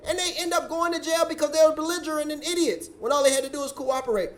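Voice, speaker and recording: A man's voice: extremely high pitch, fast talker. A man hosting a reaction commentary show, sarcastic and preachy, mocking others with put-on quotes.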